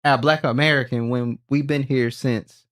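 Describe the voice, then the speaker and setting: A man's voice: medium pitch, steady tone, moderate pace. Blunt man from Maryland, podcast co-host. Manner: blunt, pushes back firmly. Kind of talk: casual podcast discussion.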